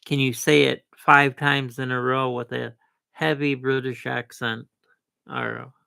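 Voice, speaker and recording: Gravelly, creaky man hosting a live stream. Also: mid-range voice, flat delivery, a little slow, pushed and bright, dry recording. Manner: rambling, with self-assured asides and many restarts. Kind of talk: casual live-stream chat.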